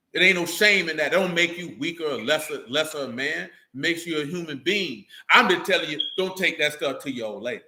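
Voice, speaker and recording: Animated high-voiced man teaching casually. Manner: animated, slangy and joking, with frequent asides. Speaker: speaker leading a religious assembly talk. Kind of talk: casual religious teaching to a group. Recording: echoey room.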